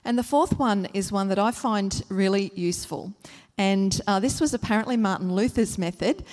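A woman giving a gentle church teaching talk, explaining at length with frequent ums and uhs and repeating phrases for emphasis. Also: mid-range voice, moderate pace, in a large hall. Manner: repeats a phrase to stress each word.

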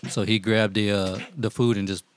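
A man telling profane, animated stories in casual chat with friends, acting out what people said. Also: on the low side, normal speed, a little hiss or hum. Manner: profane, animated storytelling, acts out quotes. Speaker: storyteller among friends.

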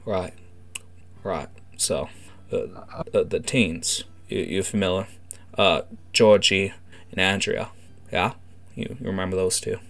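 A man doing a hushed, slangy gang informant. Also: sits low, steady tone, takes it slowly, gravelly, long pauses, heavily acted. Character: shady male undercover gang member, secretive.

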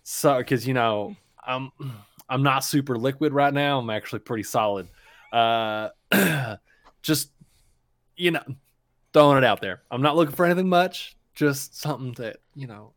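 A man's voice: medium pitch, normal speed, fairly bright tone, no echo. A man playing a tabletop game, joking and boasting in casual in-character banter and swearing freely.

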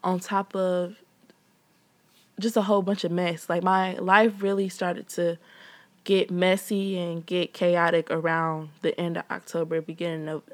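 A woman's voice: lowish voice, level tone, a little slow. A young adult woman hosting a podcast from home, talking candidly and rambling with many fillers. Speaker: podcast host. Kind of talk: casual personal talk.

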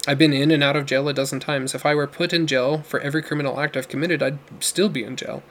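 A man's voice: on the high side, fairly even intonation, quick pace, a bit bright, natural voice. A man voicing a remorseful, ailing former criminal who pleads earnestly and despairingly.

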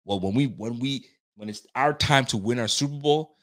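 A man hosting a live stream and reading viewer comments in casual, slangy fan chat, swearing freely and getting himself worked up with excitement. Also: mid-range voice, normal speed.

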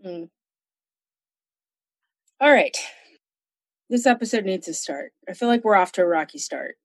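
A woman's voice: medium pitch, expressive, measured pace, dry recording. A woman hosting a true crime podcast, chatting casually in a blunt, profane way. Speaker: podcast host telling a true crime case.

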